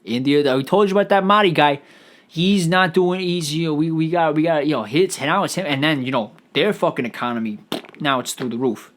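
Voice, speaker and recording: A man hosting a solo comedic podcast, riffing out loud in a profane, stammering ramble. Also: fairly high pitch, a little fast. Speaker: podcast host.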